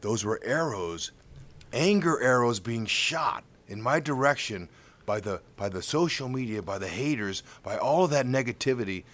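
Middle-aged male sports commentator, interview storytelling, animated, stumbles and repeats when excited. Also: medium pitch, normal speed. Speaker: baseball color commentator.

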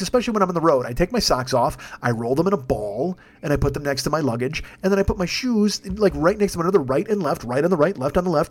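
A man hosting a podcast, telling a rambling comic story in a casual, swearing, animated way. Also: high-pitched. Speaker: podcast host. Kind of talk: comedic storytelling.

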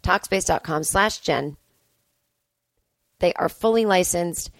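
A woman with a low, hoarse, strained voice, hosting a podcast in a casual, rambling way. She drifts between chat and an ad read and slips into cooing baby talk. The recording is dry and close. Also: slow, no echo. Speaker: podcast host. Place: sister's home, indoors.

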